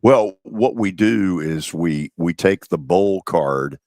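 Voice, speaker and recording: Man, sports radio host, deep voice, very lively pitch, dry studio sound. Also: slow, no room sound. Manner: animated, teasing, drives the banter. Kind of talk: casual sports talk.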